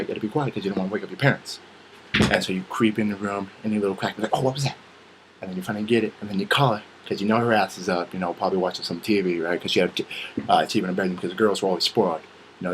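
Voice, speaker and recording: Over a noisy background, a young man with a low-sitting voice delivers a casual comedic rant. The vlogger is profane and animated, performing snippets of quoted dialogue as he goes.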